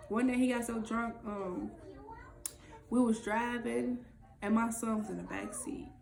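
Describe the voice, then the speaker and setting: A woman's voice: on the high side, moderate pace, creaky, a little mellow. Woman telling a raw story, echoey room. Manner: raw, emotional and profane. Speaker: vlog co-host. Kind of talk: candid personal storytelling.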